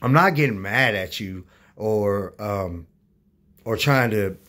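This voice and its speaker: A man's voice: fairly low pitch, slow, a bit bright. A man talking casually to his channel's viewers, rambling with many fillers and restarts, insistent as he corrects their views. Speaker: YouTuber. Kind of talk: casual talk to camera.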